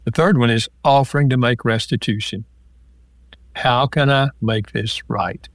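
A man's voice: mid-range voice, a little slow, dry recording, studio quality. An older man, an author and marriage counselor, answering interview questions and acting out example phrases as he explains. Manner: explains in numbered lists with acted-out example quotes.

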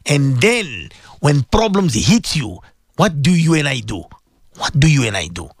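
Unhurried yet very animated, this Muslim cleric hosts a radio show where he speaks with deep feeling and keeps asking his listeners rhetorical questions. His voice runs high and slightly rough, with no echo in the recording.

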